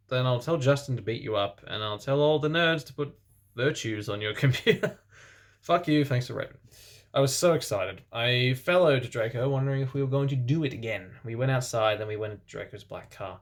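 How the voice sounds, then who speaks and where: A man reading fan fiction aloud for comedy, deadpan, with sarcastic asides. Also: mid-range voice, brisk.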